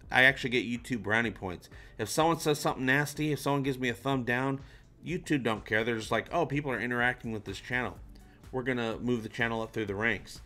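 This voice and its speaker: A man's voice: medium pitch, sharp tone. A man hosting a livestream, chatting loosely and reading out viewer comments, with casual swearing. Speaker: livestream host.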